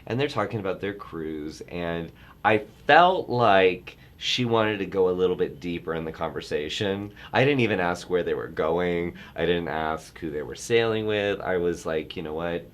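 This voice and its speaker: A middle-aged man in the travel business chatting casually, telling a rambling story with many restarts and animated bursts. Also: deep voice, moderate pace. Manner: rambling, self-interrupting storyteller who gets animated. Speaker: travel industry guest. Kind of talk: casual chat.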